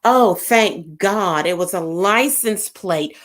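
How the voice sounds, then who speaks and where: A woman's voice: mid-range voice, lively intonation, slow pace. A woman, hosting a casual livestream and reading viewer comments aloud, laughing often and puzzling over unusual names.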